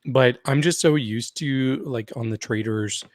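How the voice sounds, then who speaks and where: Male podcast co-host, mid-pitched, relaxed and chatty, dry close sound. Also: unhurried, dry recording. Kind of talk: casual chat.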